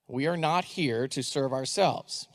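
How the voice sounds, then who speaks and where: Middle-aged guy w a gravelly voice telling a story to a crowd, acts out the lines, keeps asking the audience stuff. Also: medium pitch, measured pace. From United States. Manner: animated storyteller, acts out dialogue, asks the audience questions. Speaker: school superintendent giving a talk. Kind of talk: storytelling speech to a live audience.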